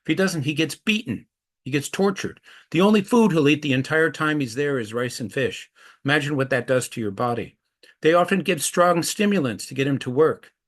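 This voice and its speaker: A man's voice: a little high, lively intonation, fairly quick. Earnest middle-aged man telling stories. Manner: earnest, acts out quoted voices in anecdotes. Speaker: anti-trafficking activist speaker. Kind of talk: storytelling presentation.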